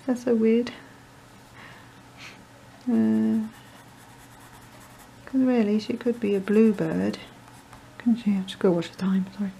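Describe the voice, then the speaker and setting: A woman's voice: fairly high pitch, flat delivery, takes it slowly, vocal fry, pauses often, mellow, a little hiss or hum, poor audio. A woman chatting her way through a card-making tutorial, rambling with self-deprecating asides and muttering to herself. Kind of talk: crafting tutorial chat.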